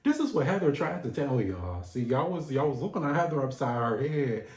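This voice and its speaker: A man's voice: mid-range voice, big pitch swings, a little fast, a little mellow. A man giving a sassy, playful recap of a reality show in a casual vlog. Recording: echoey room.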